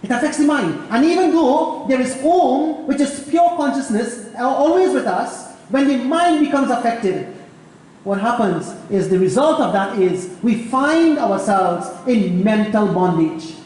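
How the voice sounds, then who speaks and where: A man with a Trinidadian accent, a pundit preaching a Hindu sermon with jokes, storytelling lively and calling his listeners friends. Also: very high-pitched, unhurried. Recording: very echoey hall, faint ambience.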